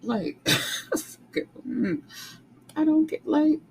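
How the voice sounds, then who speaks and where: A woman recapping a romance novel for her viewers in a casual, animated way, swearing freely and talking back to the characters. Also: high voice, extremely slow, creaky, slight background noise, rough recording. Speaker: book reviewer.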